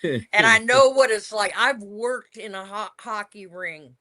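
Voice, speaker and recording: A woman's voice: medium pitch, a little slow, pushed and bright. An older woman, a retired wrestler, telling stories from her career in a casual interview. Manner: reminiscing storyteller, emphatic.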